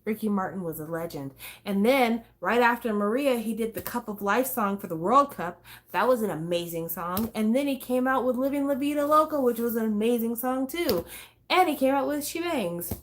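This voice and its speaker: A woman's voice: a little high, animated, normal speed. A woman hosting a casual talk stream, chatty and swearing, breaking into snatches of songs. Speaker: host. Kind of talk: casual chat.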